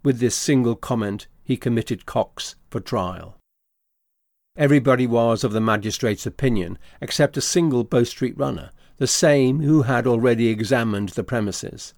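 A man narrating a classic novel as an audiobook, with a steady, even storytelling delivery. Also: mid-range voice, moderate pace, gravelly, no echo, clean studio sound.

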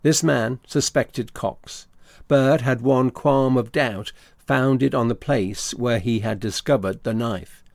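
A man narrating a classic novel as an audiobook, with a steady, even storytelling delivery. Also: medium pitch, slow, vocal fry, no echo, clean studio sound.

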